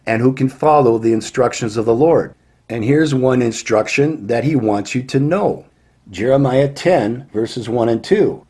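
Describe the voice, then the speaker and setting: Man, preacher, warning sermon, emphatic, rhetorical questions, slightly breathy, mid pitch. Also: mellow.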